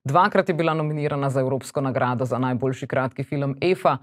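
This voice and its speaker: A man hosting and narrating a scripted segment, with a brisk, informative delivery. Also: mid-range voice. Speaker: program host and narrator.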